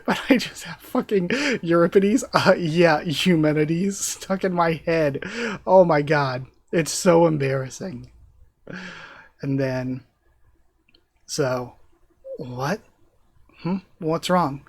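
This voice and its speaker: A live reaction streamer reads a web novel aloud and breaks off into giggly, self-deprecating asides with casual swearing. The voice sits at an ordinary middle pitch. The sound is dry and close, with almost no room around it. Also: slow, pauses often, no echo.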